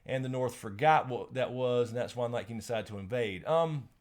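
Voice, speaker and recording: A man's voice: mid-range voice, a little fast. Rambling man hosting a live Q&A. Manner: rambling, laughs often, curses casually. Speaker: live stream host. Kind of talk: casual live Q&A chat.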